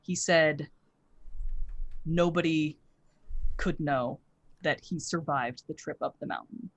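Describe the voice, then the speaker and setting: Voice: medium pitch, slow, no echo. Game master doing a grim bearded mountain guide. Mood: blunt.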